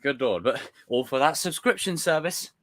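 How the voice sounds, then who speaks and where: A man's voice: a little high, expressive, normal speed, fairly bright tone, no echo. A man hosting a livestream, chatting casually in a rambling, emphatic way and swearing often. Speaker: livestream host.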